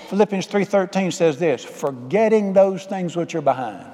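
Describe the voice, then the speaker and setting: A man's voice: high voice, animated, normal speed, mellow. A man preaching a folksy, emphatic sermon, calling out to the congregation for amens. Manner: call-and-response, folksy and emphatic. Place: church sanctuary. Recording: long hall reverb.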